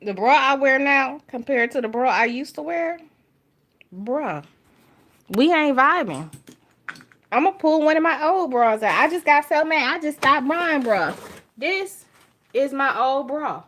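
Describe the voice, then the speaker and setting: Speaking from her makeup table at home, a woman with an Alabama Southern accent chats casually to camera for her viewers. Her voice sits high and sounds animated, a little slow and a bit bright, with a faint hiss or hum in the background. This vlogger is candid, jokes around, and talks straight to her audience, calling them y'all.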